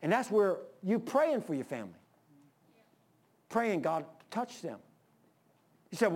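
Older pastor, high voice, fervent sermon delivery with swings from loud pleas to quiet asides. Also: male voice, big pitch swings, measured pace, long pauses. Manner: impassioned preaching, rises then drops low.

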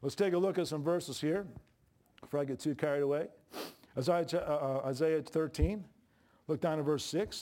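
A man preaching a sermon in a folksy, emphatic way, with sudden jumps in pitch and bursts of laughter. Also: normal speed, warm tone.

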